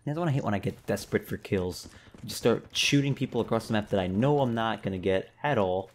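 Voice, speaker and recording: A man's voice: lowish voice, fast talker, slight background noise. A young man giving live commentary over a shooter game, frustrated and swearing at opponents. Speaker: gaming YouTuber.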